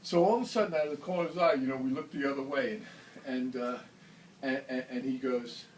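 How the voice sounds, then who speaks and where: A man telling a casual story, laughing often and acting out the shouted lines of the people in it. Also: mid-range voice, quick pace, slight background noise. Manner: animated, laughing, acts out shouted quotes. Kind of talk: casual anecdote. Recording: roomy, from far off, faint ambience.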